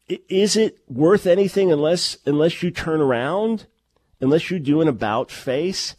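A man's voice: fairly high pitch, moderate pace, a little mellow, dry recording. A middle-aged man preaching a sermon, emphatic and full of rhetorical questions, often restarting his words. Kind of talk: sermon-style teaching.

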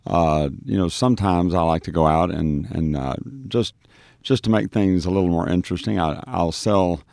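A man's voice: low voice, normal speed, gravelly, darkish tone, no echo, clean studio sound. A man who ministers on the streets, telling a testimony on a radio show, acting out the voices in his story with frequent restarts. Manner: storytelling, acts out quoted dialogue, frequent restarts.

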